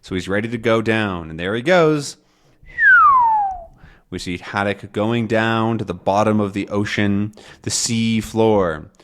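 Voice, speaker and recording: A man's voice: fairly low pitch, unhurried, a little hiss or hum. A man teaching English by explaining a comic to learners, talking loosely with fillers.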